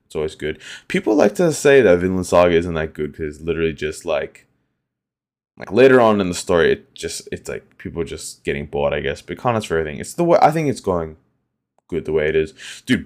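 Young male podcast host, very low voice, loose rambling delivery full of "like" and self-corrections. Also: a little mellow. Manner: rambling, lots of "like" and restarts. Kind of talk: casual solo podcast chat.

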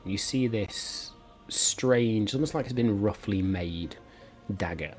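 A man's voice: fairly low pitch, slow, a little mellow, faint music behind. A man narrating as game master in a tabletop game, describing scenes at length with small hesitations.

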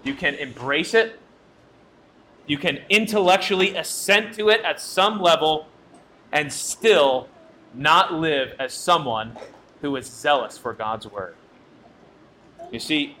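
With a high, bright, ringing voice, a male pastor preaches an earnest, expressive sermon at a measured pace, repeating his points to press them home. Slight background noise is audible.

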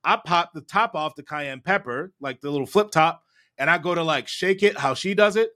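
Bright-voiced man telling a story. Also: fairly high pitch, moderate pace. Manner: animated storyteller, frequent "right?" tag questions. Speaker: guest. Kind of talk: storytelling in a podcast chat.

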